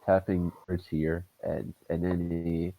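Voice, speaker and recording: A man's voice: low voice, flat delivery, takes it slowly, creaky, mellow, faint music behind, rough recording. A Scottish man co-hosting a casual podcast over voice chat, rambling and swearing as he jokes. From Scotland. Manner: rambling, profane, joking. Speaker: podcast co-host. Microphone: headset over voice chat.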